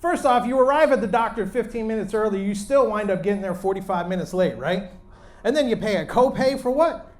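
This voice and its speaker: A man in his late thirties doing a loud, brash, crude stand-up set on a comedy club stage, talking into a handheld mic. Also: high-pitched, lively intonation, brisk. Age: late 30s.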